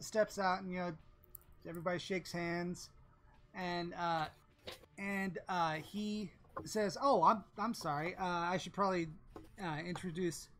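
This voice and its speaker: A woman narrating a tabletop game as game master, halting and full of restarts. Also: medium pitch.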